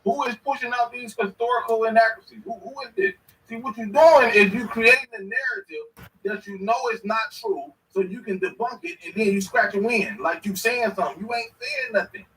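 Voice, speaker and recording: A man's voice: very high voice, fairly quick, fairly bright tone, distant mic, poor audio. Heated man ranting from off-mic. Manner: heated, repetitive, confrontational. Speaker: commentator reacting to a clip. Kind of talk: ranting commentary.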